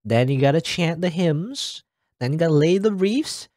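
A man's voice: on the high side, expressive, moderate pace, darkish tone, no echo, clean studio sound. A man giving casual, musing commentary while playing a game, unsure and joking. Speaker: let's play gamer.

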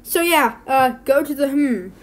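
A woman's voice: sits high, animated, unhurried, heavy background noise. A woman who makes the videos, wrapping up a homemade comedy skit in an offhand, playful way. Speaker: video creator.

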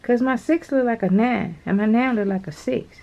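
Excitable chatty woman with a higher voice. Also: normal speed, vocal fry, a little hiss or hum. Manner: chatty, excitable, calls viewers girl and y'all, laughs often. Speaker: nail art vlogger. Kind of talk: casual unboxing chat to camera.

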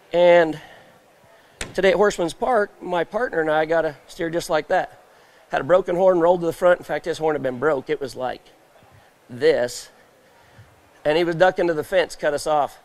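Man, high voice, folksy, live demo talk, quizzes the crowd. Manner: folksy, questions the crowd, acts out scenes. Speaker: roping clinician at a trade show stage. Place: indoor trade show stage, live audience.

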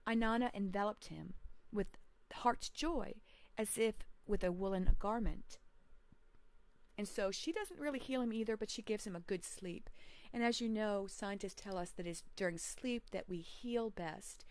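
A woman teaching history at home, reading a text aloud and pausing to explain it in a measured, explanatory way. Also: mid-range voice, no room sound, poor audio. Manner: measured, explanatory, adds side comments. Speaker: homeschool teacher.

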